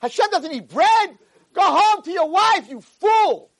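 A man voicing a stern, angry rabbi who shouts and scolds a simple man. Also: extremely high pitch, very animated, measured pace, pitched above the performer's own voice, exaggerated voice. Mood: furious.

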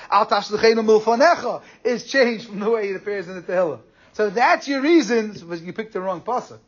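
A man teaching a Torah class, explaining quickly and animatedly, with Hebrew and Yiddish terms in his English. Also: high voice. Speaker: rabbi giving a class. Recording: muffled lo-fi recording.

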